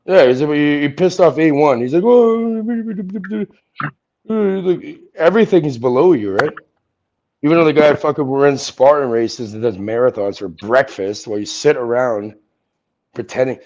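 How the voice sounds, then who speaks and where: A man's voice: medium pitch, moderate pace, darkish tone, a little hiss or hum. A man ranting angrily and profanely on a livestream, confronting someone he is arguing with. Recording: dull lo-fi audio.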